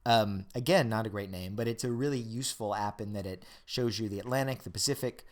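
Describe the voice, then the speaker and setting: A man's voice: lowish voice, fairly quick. A man co-hosting a podcast in casual chat, joking and enthusiastic, rambling with restarts. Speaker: podcast co-host.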